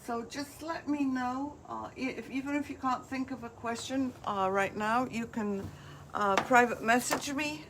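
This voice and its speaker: A woman's voice: fairly high pitch, unhurried, hardly any pauses, background noise. A woman hosting a live craft demonstration, chatting as she walks viewers through each step. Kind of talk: live craft product demo.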